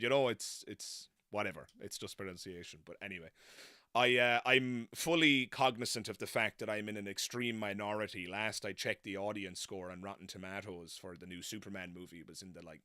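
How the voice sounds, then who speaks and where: A man's voice: low-pitched, bright, forceful tone, no echo, studio quality. A man hosting a live stream, chatting casually and self-deprecatingly, wandering off into tangents. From not American. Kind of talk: casual rambling live chat.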